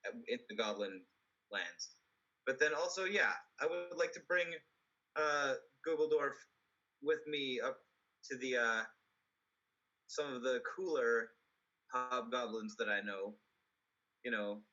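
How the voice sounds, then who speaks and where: A man's voice: medium pitch, slow, long pauses, bright, forceful tone, lo-fi sound. A man playing a tabletop game, explaining his plans hesitantly with many fillers. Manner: hesitant, lots of ums and likes. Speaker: player.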